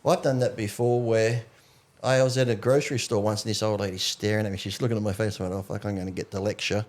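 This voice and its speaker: A man's voice: fairly low pitch, steady tone, fast talker. A man as a podcast guest, chatting casually and telling stories with heavy swearing and acted-out quotes. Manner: swears freely, acts out quotes while storytelling. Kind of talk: casual chat.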